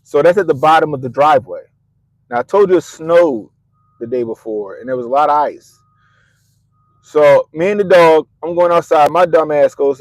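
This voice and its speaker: A middle-aged man on a podcast, telling a story in an animated, profane way and laughing at himself. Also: fairly high pitch, normal speed, no room sound, rough recording. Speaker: podcast host. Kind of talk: casual storytelling.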